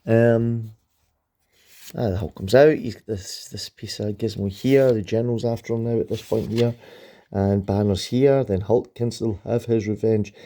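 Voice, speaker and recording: Middle-aged guy flipping thru old comics, chatty, lots of ums, warm mellow tone. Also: fairly low pitch, steady tone, normal speed. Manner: rambling, enthusiastic, frequent ums and restarts. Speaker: comic book reviewer. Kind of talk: casual comic review vlog.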